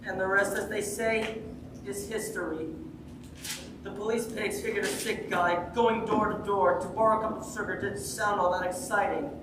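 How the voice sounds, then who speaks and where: A woman's voice: mid-range voice, steady tone, normal speed, noisy background, natural voice. Girl doing a sick sneezy wolf guy in a school musical, sing-songy, far off in a big echoey hall. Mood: calm, confiding. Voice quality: sing-song, theatrical delivery. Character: sneezing, sheepish male wolf on trial. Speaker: stage actor in a school musical. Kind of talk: live stage musical, sung and spoken. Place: school stage in a large hall. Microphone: distant room mic.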